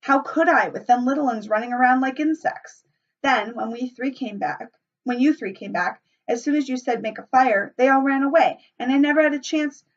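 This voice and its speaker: Brief: a woman playing an anxious, bespectacled schoolboy, whiny and pleading, high and loud, muffled and distant on the recording. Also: normal speed. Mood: indignant.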